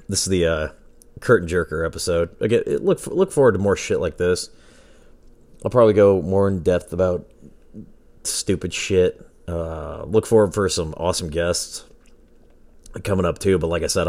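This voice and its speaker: A man's voice: low voice, darkish tone. A man hosting his own podcast from home, telling stories in a loose, profane way and laughing often. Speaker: podcast host. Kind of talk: casual solo podcast storytelling. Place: home with a dog nearby.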